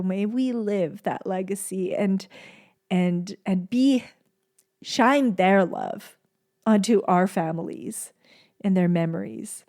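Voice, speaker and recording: In a medium-pitched voice, a woman podcast host offers a tender, heartfelt monologue on her own. She speaks gently and softly, returning to phrases to emphasize them.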